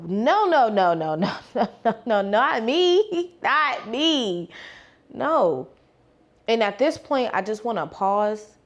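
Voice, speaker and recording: A young woman vlogger telling her faith testimony in a casual, animated way, acting out the dialogue and using slang. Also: mid-range voice. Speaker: faith vlogger and life coach. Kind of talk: personal testimony storytelling.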